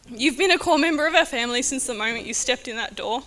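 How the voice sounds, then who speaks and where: At an indoor wedding reception, the bride's sister gives an unscripted speech on a handheld mic. Her voice sits high with a fairly bright tone, and she's chatty, nervous and giggly, close to tears.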